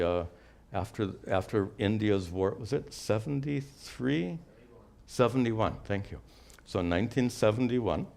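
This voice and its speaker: A man's voice: deep voice, a little mellow. An older man, a spiritual teacher, answering questions in a live teaching session in a patient, explanatory way with light humor.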